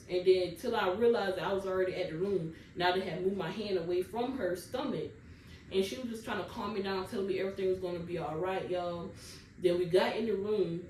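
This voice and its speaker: A woman's voice: medium pitch, fairly quick, a little mellow. A young woman tells her own birth story to viewers in a casual, emotional way and keeps calling them y'all. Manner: addresses viewers as y'all often, casual Southern US dialect. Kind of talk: emotional personal storytelling to camera. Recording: roomy sound from a distance with faint background noise.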